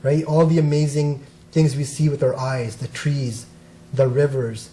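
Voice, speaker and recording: A man's voice: mid-range voice, little pitch movement, measured pace, dark tone, slight background noise. A man giving a casual spiritual talk, earnest and often checking in with "right?". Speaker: speaker on spirituality.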